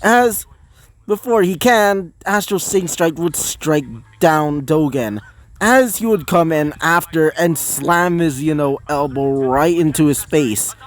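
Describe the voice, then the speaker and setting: Male storyteller, rambling improvised narration, slightly high voice. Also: slow pace. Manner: rambling, many fillers and restarts.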